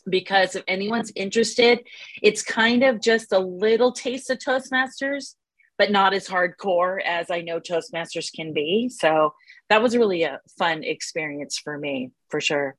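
A woman's voice: mid-range voice, measured pace, dry recording, poor audio. A woman sharing an experience with a support group on a video call, rambling casually with many fillers. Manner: rambling, casual, lots of "you know".

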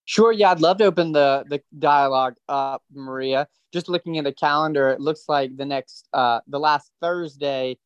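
A man's voice: fairly high pitch, moderate pace, few pauses, smooth, no room sound, dull audio. A man hosting a community call, inviting questions in a welcoming, slightly formal way. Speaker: call moderator.

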